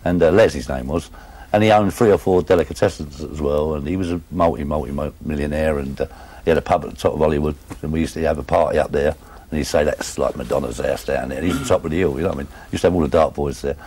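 A man's voice: very deep voice, fast, darkish tone, slightly rough. A man with a London Cockney accent, telling rambling stories in casual chat, often adding "you know what I mean". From England. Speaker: former darts player telling stories.

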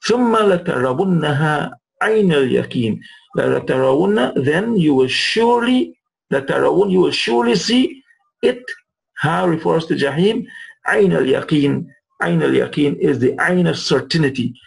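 A man's voice: fairly high pitch, lively intonation, racing, vocal fry, breathy edge, low-quality recording. A man teaching Arabic words of the Quran, repeating and restating terms as he explains them. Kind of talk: recorded lesson explaining verses.

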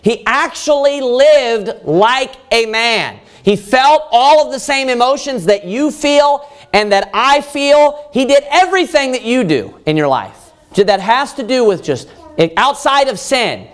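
A man, a pastor, preaching a Bible study sermon, reading verses slowly and then explaining them in plain words, rising in force to stress his points. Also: sing-song. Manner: rises in pitch and force when stressing points.

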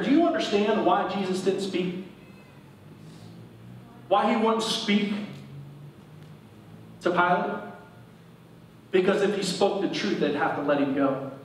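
A man with a high-pitched voice preaches a sermon, reading scripture aloud and explaining it to the congregation. The sound is heavily echoey, like a large church room. He sounds a bit away from the microphone. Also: distant mic. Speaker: pastor. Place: church service.

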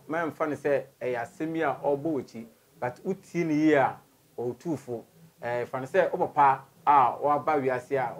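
A man with a Ghanaian accent hosting an interview, talking in an animated way and mixing in English phrases. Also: mid-range voice. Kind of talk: interview host.

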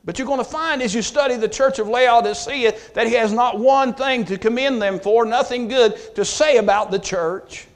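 A man preaching a Bible study, his voice sitting high for a man. He talks in a folksy, plain way, doubling back on his words, then pushes harder as he lands his key points. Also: moderate pace, hardly any pauses. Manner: folksy, repeats and restarts, rises in force on key points. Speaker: pastor.

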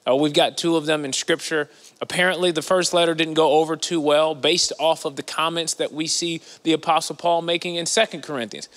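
A man preaching a sermon in an animated, conversational way, swinging between loud and hushed delivery. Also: fairly high pitch, long reverb tail. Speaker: guest preacher. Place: large church auditorium.

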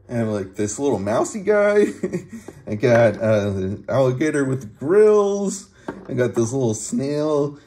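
Giggly man who rambles through a toy show-and-tell, unhurried, with a bouncy pitch. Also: darkish tone, a little hiss or hum. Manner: giggly, laughs often between phrases; halting, with many fillers and restarts. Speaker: vlogger showing his toy collection. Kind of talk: casual show-and-tell video.

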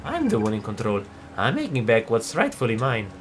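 A man's voice: mid-range voice, wildly swooping pitch, fairly quick, music in the background, pitched below the performer's own voice. A man voicing a cold, menacing male spirit villain who taunts and mocks, reading game dialogue aloud. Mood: taunting.

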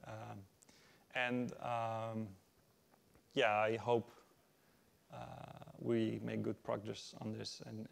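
A man presenting a technical conference talk from a stage, halting and full of fillers as he explains. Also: mid-range voice, vocal fry. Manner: halting, many fillers and restarts. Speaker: conference speaker.

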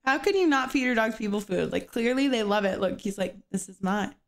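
A woman's voice: on the high side, animated, brisk, creaky. A young woman streamer chatting casually to viewers, often breaking into giggles as she talks. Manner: giggly, laughing through words.

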